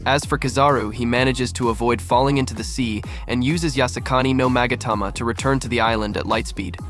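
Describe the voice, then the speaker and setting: A man giving a steady, matter-of-fact scripted recap of an episode's events. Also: mid-range voice, brisk, faint music behind. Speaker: recap narrator. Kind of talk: scripted narration.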